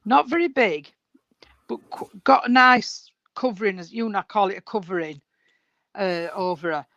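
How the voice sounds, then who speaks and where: A woman's voice: medium pitch, normal speed, a bit bright, no room sound, highs cut off. Chatty woman medium on a call. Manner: chatty, calls people sweetheart and darling, self-correcting. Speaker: spiritualist medium. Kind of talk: live mediumship reading at an online service. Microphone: video call.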